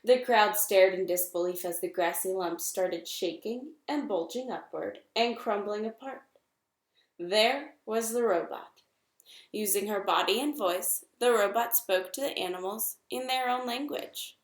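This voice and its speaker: Woman narrator, expressive storybook reading, mid pitch, roomy echo. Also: unhurried. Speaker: reader. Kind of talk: reading a children's novel aloud.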